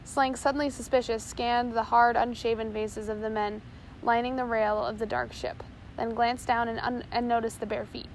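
A woman's voice: a little high, flat delivery, normal speed, slight background noise, rough recording. A woman narrating a chapter of a storybook aloud, reading steadily with small slips. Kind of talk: audiobook reading.

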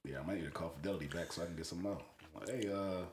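A man co-hosting a casual talk show, relaxed and agreeable, chiming in to back up his partner. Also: extremely low pitch, racing, a little hiss or hum. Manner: relaxed, agreeable, backs up the other host. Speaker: podcast co-host. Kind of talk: casual chat. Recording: roomy echo.

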